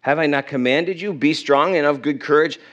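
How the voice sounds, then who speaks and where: A middle-aged pastor preaches in church, reading scripture aloud, correcting himself as he goes, and putting questions to the congregation. His voice is on the high side and a bit bright, at normal speed, in a muffled recording.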